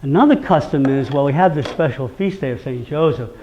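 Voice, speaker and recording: Rhode Island man, fairly high voice, casual lecturer who keeps asking "okay?", muffled lo-fi recording. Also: brisk, a little hiss or hum. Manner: chatty, keeps checking in with "okay?"; acts out quoted voices, animated. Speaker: speaker on local traditions. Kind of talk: talk to a live audience.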